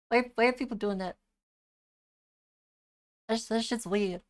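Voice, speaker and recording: A woman's voice: fairly high pitch, moderate pace, long pauses. A woman chatting casually with her live-stream viewers, swearing freely and laughing often.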